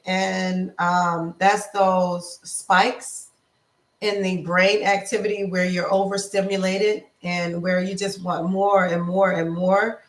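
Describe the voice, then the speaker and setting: A woman life coach giving a casual motivational talk, slow and repetitive in an affirming way. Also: medium pitch, roomy sound, recorded from a distance. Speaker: lifestyle coach.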